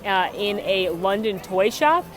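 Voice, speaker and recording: A woman's voice: medium pitch, expressive, a little slow, a bit bright. A young woman hosting a chatty, upbeat theme park tour vlog outdoors, full of trivia. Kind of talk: casual walking tour vlog.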